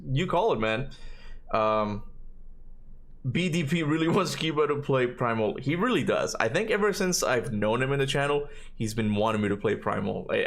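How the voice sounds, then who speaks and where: A man's voice: mid-range voice, vocal fry, fairly bright tone. A man in his thirties, not a native English speaker, chatting casually on a livestream, rambling and tagging his points with questions, his voice cracking now and then. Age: 30s. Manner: rambling, tags questions with "right?". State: occasional voice cracks. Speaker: streamer.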